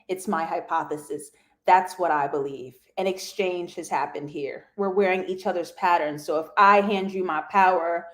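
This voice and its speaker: A young woman hosting a live TV review show, chatting casually to viewers with slangy asides and frequent laughter. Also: on the low side.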